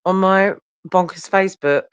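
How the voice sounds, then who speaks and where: Holding his phone very close, a worn-out man yawns his way through a rambling, sweary casual chat with livestream viewers. His voice is high, steady and clean with a fairly bright tone at normal speed, and the phone audio is dull, lo-fi and dry with no echo.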